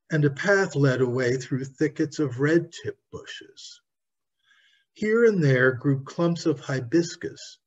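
A man reads his own children's story aloud in careful storybook narration. His voice is slightly husky and the pace unhurried. The recording is dull and lo-fi. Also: mid-range voice. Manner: slow, careful reading aloud.

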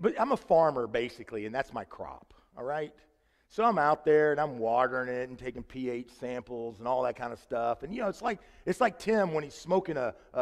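Middle-aged male preacher, chatty and joking, slightly high voice, long church reverb. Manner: chatty and joking, with many restarts. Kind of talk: conversational sermon. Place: church sanctuary.

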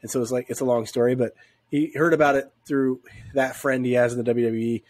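A man's voice: medium pitch, fairly even intonation, fast, darkish tone, no echo. A man co-hosting a sports podcast from home, sick and congested, chatting in a laid-back, rambling way. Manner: laid-back, laughs often, rambling asides. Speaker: podcast co-host. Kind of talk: casual sports chat.

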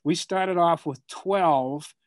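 An older man with a Boston accent speaks over a video call in a fairly high, dry-sounding voice. He talks in a reflective, halting way and often repeats words while he searches for the next one. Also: no room sound. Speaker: guest speaker. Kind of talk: answering students' questions over a video call.

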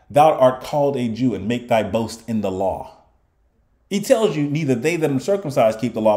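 A man preaching a sermon in an animated way, often mocking his opponents in put-on voices. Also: mid-range voice.

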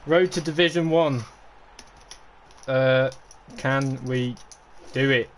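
A man's voice: medium pitch, slow, slight background noise. A man streaming a football video game, chatting casually with banter and laddish slang. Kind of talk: casual gaming chat.

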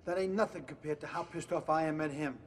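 An actor playing an angry, jittery armed robber who talks in aggressive, profane bursts. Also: male voice, fairly high pitch, fast talker, natural voice. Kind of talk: film dialogue. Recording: echoey film scene with faint background hum.

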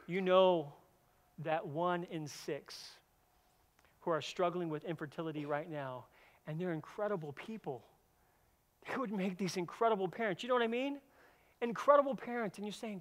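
A man who is a senior pastor, preaching a sermon as an earnest storyteller who often repeats a word when starting a phrase and swings between emphatic stretches and hushed passages. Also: high voice.

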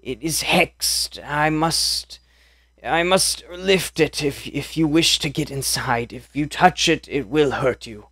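A man voicing a cryptic old hag who talks slowly and calls people dearie. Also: on the high side, fairly bright tone, husky, no echo, clean studio sound, pitched above the performer's own voice, heavily acted. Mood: warning. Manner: slow, coaxing, calls people dearie and sonny.

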